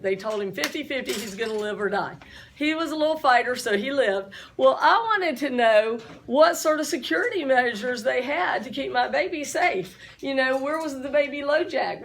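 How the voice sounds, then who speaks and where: Middle-aged woman, high voice, chatty teacher who tells stories and quizzes the class. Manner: chatty, storytelling, asks the class questions.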